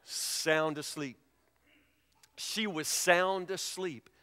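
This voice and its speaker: A middle-aged man preaching a sermon as a pastor, telling stories emphatically and swinging between hushed and loud delivery. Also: on the high side, steady tone, very slow, clean tone. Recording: long reverb of a large hall.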